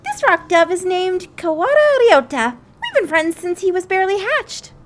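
A woman's voice: very high voice, very animated, moderate pace, pitched above the performer's own voice. A woman voicing a cheerful, earnest young schoolgirl heroine, reading a visual novel aloud. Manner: bright, eager storybook narration.

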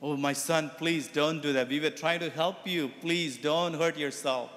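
A man's voice: fairly high pitch, fairly even intonation, unhurried, a bit bright. A man voicing a worried mother who begs her son to come down. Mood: pleading. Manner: begging, pleading. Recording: echoey church hall.

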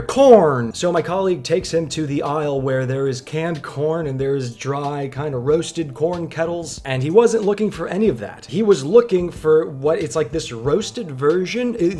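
Wry, deadpan man vlogging. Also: fairly high pitch. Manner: dry, wry, deadpan humor. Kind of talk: casual storytelling vlog.

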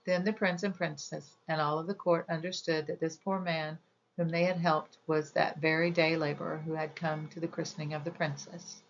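A woman narrating a children's fairy tale audiobook in a measured, gentle storytelling manner. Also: deep voice, little pitch movement, dull audio, a little hiss or hum.

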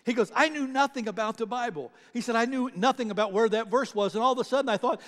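A man's voice: extremely high pitch, fast talker, few pauses. A man preaching a sermon as pastor, telling stories and retelling other people's words, with frequent restarts. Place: church sanctuary. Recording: reverberant church hall.

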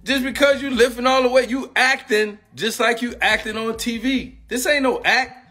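A former football player and coach launches into a heated live-stream rant, his voice high and bright. He sounds agitated, repetitive and confrontational, talking at a normal speed over soft background music.

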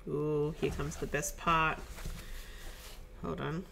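Slow, gravelly woman reading a script. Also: little pitch movement, a bit bright, slight background noise, rough recording. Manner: low-key, chuckling asides. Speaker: channel host reading a film script. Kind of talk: script reading with casual asides.

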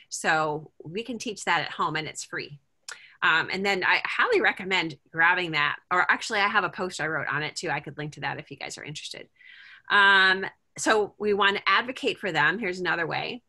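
A woman's voice: fairly low pitch, sharp tone. A middle-aged woman leading a parent group over a video call, talking casually and thinking aloud with lots of fillers and restarts.

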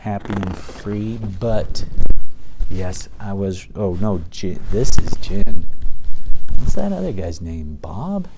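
Slow, patient man teaching reading. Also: deep voice, expressive, background noise. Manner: slow, patient, sounding out words. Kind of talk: reading lesson for young children.

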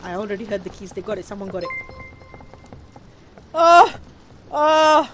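A British woman streaming a game live, chatting to viewers, squealing and shouting as she plays. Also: mid-range voice, very fast, faint music behind. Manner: excitable, squeals and shouts while playing. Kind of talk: live gameplay commentary.

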